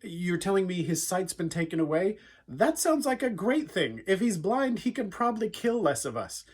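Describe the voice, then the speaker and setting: Scared, exasperated male disciple, put on by a man retelling a story. Husky edge. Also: sits high, big pitch swings, moderate pace, voice pushed up, full character voice. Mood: incredulous. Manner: exasperated, disbelieving. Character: frightened, incredulous adult male disciple.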